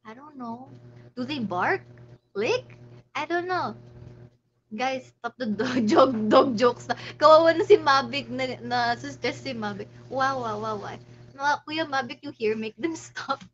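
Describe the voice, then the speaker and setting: A young woman with a Filipino accent hosting a casual live stream, playful and excitable, quick to squeal and laugh. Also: sits high. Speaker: livestream host. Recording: slightly muffled lo-fi stream audio.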